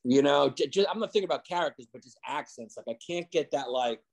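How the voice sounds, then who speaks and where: A man's voice: fairly high pitch, lively intonation, quick pace. A man who is a comedian guest, talking in a rambling, casual way with lots of fillers and restarts. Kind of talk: casual podcast chat.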